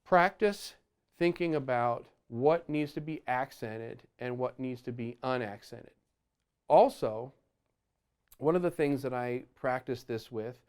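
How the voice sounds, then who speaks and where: Smooth-voiced man teaching drums. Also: medium pitch. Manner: explains while playing, counts beats aloud loudly over drums; scats horn phrases to show accents. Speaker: drum teacher. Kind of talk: instructional lesson. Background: drum kit playing.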